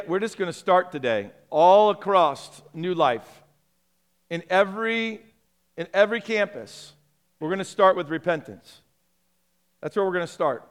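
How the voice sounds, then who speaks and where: Pastor, male, high voice; impassioned sermon that sinks to a hushed, low prayer. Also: clean tone. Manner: impassioned preaching, dropping soft and low in prayer.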